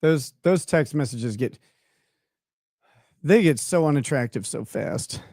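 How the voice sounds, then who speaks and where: Animated sarcastic male trial commentator. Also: fairly high pitch, slow, dry recording, studio quality. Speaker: legal commentary streamer.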